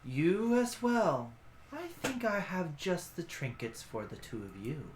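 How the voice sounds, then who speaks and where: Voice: mid-range voice, big pitch swings, slight background noise. A game master voicing an ancient dragon brood mother. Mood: solemn. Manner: slow, hushed, deliberate speech. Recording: echoey room.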